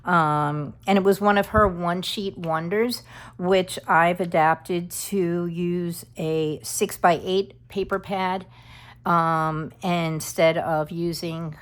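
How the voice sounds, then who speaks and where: A woman's voice: fairly low pitch, takes it slowly. A middle-aged woman hosting a casual craft tutorial, chatty and often checking in with the viewer. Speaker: craft channel host.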